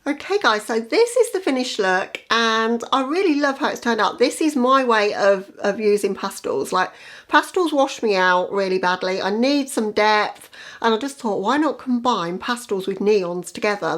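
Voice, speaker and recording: A woman's voice: a little high, expressive, normal speed. Chatty woman makeup vlogger. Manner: chatty and conversational, repeats "as I say"; quiet, half-murmured commentary while applying makeup. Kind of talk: casual makeup tutorial chat.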